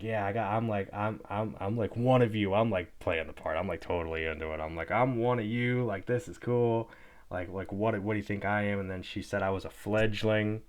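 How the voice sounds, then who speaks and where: A man's voice: fairly low pitch, clean tone. A young man hosting his own podcast, telling a personal story in a loose, rambling way and saying "like" constantly. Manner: rambling, heavy use of "like". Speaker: podcast host. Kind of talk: casual storytelling.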